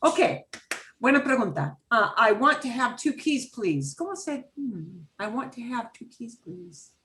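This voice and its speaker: A woman's voice: fairly high pitch, big pitch swings, unhurried, fairly bright tone, slight background noise. A woman teaching a beginners' Spanish class over a video call, explaining patiently and repeating phrases.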